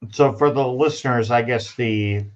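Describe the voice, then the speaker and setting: Male podcast host, casual, animated storyteller, muffled lo-fi audio. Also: mid-range voice, moderate pace. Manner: animated storyteller, acts out quoted dialogue. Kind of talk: casual chat. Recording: dull lo-fi sound.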